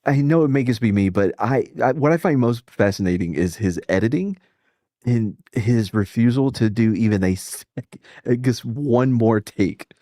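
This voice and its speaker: A man's voice: mid-range voice, moderate pace, mellow, no echo, clean studio sound. A man hosting a casual reaction chat, rambling and profane, laughing often and restarting his sentences. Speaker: streamer host.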